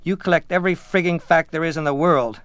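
Man doing an upset idealistic teen boy, high and loud, dry close recording. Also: fast, no room sound, natural voice. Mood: anguished. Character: upset teenage schoolboy, idealistic.

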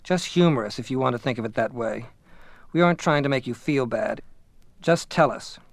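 Male narrator doing a pompous teen schoolboy, measured and controlled, dry audiobook read. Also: mid-range voice, creaky, dry recording. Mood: persuasive. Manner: grave, even, controlled. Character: teenage boarding-school boy, self-important, earnest, authoritative.

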